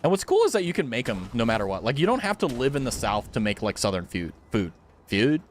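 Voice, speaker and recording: A man live-streaming a video game, chatting with viewers in a rambling, excitable way, laughing often and swearing casually. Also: medium pitch, fast, slight background noise. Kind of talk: casual live gameplay chat.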